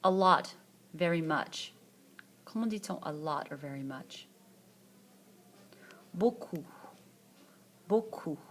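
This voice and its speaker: A woman teaching a French lesson in a screencast, saying each word slowly and then repeating it for students. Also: medium pitch, slight background noise. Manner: slow, repeats words twice for the learner. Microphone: tablet screencast.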